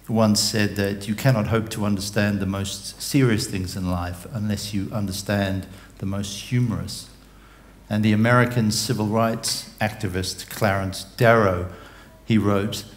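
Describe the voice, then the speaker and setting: Brief: male motivational speaker, unhurried, measured delivery. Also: on the low side. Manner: deliberate, measured, with pauses to find words. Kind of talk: motivational talk.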